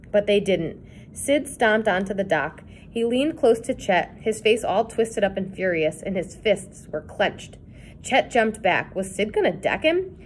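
Woman narrator, read-aloud kids' book, expressive. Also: medium pitch, a little hiss or hum. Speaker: reader.

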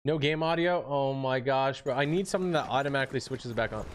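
A man live-streaming a game, chatting in slang, reacting loudly and thanking viewers for donations. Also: mid-range voice, fast talker, slight background noise. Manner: loud hype outbursts, slangy and excitable, reads donations aloud. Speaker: gaming streamer. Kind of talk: live-stream chat while gaming.

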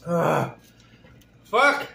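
A man's voice: fairly high pitch, sing-song, very slow, gravelly, bright, forceful tone. A man groaning and exclaiming, teary and in pain from spicy food, on a casual vlog. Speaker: husband eating spicy wings. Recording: echoey room with faint hiss.

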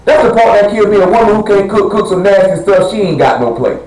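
A man's voice: sits high, expressive, quick pace, a little mellow. Blunt preacher man in an echoey room. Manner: blunt, conversational, quizzes the congregation. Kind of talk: sermon. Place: church assembly hall.

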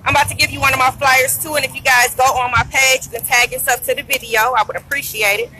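A loud, chatty woman hosts a live radio stream from a busy outdoor street event. Her voice sits high and bright, and it comes through a phone she holds in her hand as she greets vendors. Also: fairly even intonation, fast talker, faint music behind. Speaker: internet radio host.

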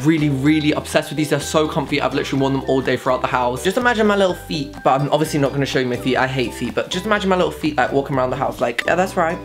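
A man's voice: mid-range voice, racing, few pauses. Camp, sassy young man. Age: young adult. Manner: camp, sassy, very expressive with squeals and asides. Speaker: vlogger. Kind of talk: casual haul vlog. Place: bedroom with studio light. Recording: music playing behind the voice.

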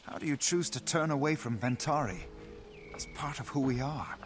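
An actor playing a calm, puzzled male sylvari in a video game, speaking over game music. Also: mid-range voice, moderate pace, lightly acted. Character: calm male plant-born sylvari questioning a dark sect.

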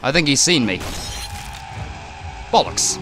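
A man's voice: mid-range voice, expressive, normal speed, music in the background. A man commentating a horror game he is playing, jittery and swearing often as he talks to himself. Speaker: let's player.

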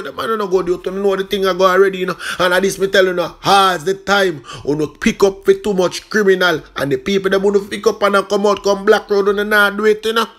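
A man's voice: high-pitched, a bit bright. A Jamaican man hosting a casual news commentary show, chatty and talking straight to his viewers.

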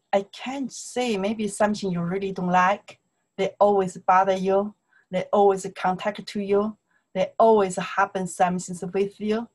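Woman, native Mandarin speaker with a Chinese accent, as a casual online tutor; unhurried, patient and repetitive, with a slightly husky tone. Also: medium pitch, darkish tone. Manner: slow, repetitive, checks in with "okay?" constantly. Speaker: Chinese language teacher.

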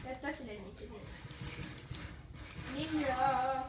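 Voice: high-pitched, fairly even intonation, unhurried. A young gamer giving casual, rambling commentary while playing, often trailing off mid-thought. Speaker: gamer co-host. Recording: roomy, distant mic, faint hiss.

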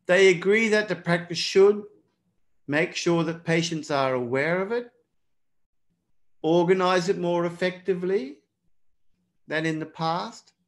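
An Australian man leads a live online exam lesson in a fairly high, bright voice. He reads the viewers' chat and praises them by name. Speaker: exam prep teacher.

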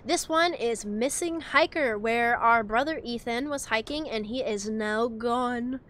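A young woman hosting a gaming video, commenting loudly and playfully, joking and laughing as she plays. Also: fairly high pitch, a little slow. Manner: loud, playful, jokey, laughs often. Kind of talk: let's-play commentary. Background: game music.

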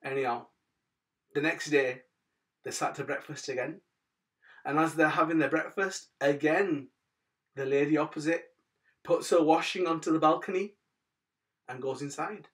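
A man, hosting a daily channel and telling a moral story with religious advice in a casual way, often calling his listeners "guys" and letting his phrase ends fall soft. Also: fairly high pitch, normal speed, long pauses, far from the mic. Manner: chatty, says "guys" often, trails off softly at phrase ends.

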